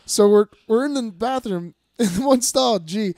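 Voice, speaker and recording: A man in his thirties telling a profane story in casual chat, acting out the people in it and shouting some of their lines. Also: very high-pitched, unhurried, no room sound, clean studio sound. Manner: animated, profane storyteller acting out quotes loudly. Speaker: fighter and podcast guest.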